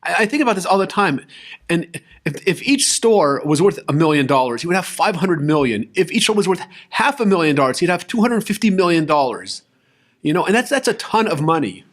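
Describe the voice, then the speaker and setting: A young man speaking casually, urging listeners to move to Israel and telling stories with voiced quotes and frequent restarts. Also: fairly high pitch. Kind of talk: casual spoken talk. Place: lives in Israel.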